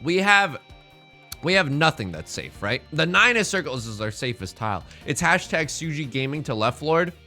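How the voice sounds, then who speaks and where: Animated young man, bright lively voice. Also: fairly high pitch, faint music behind. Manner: animated, rambling storyteller with quick self-corrections. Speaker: streamer. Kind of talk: casual chat while playing online mahjong.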